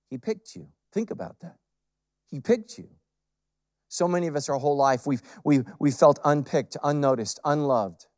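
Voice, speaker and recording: A middle-aged man preaching a sermon as a pastor, swinging between loud emphatic peaks and quiet intimate lines and repeating phrases for emphasis. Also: medium pitch, no echo, clean studio sound.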